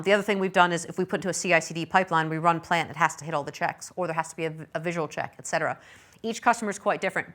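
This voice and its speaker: A lower-voiced middle-aged woman presents a technical session at a conference. Her delivery is chatty and informal. She drops in self-deprecating, apologetic asides as she goes. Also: pushed and bright. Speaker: conference speaker.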